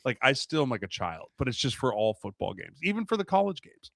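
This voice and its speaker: A man, a former football lineman, chatting as a podcast guest, animated and laughing, acting out quotes. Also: mid-range voice, brisk, vocal fry, dry recording. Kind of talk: casual sports chat.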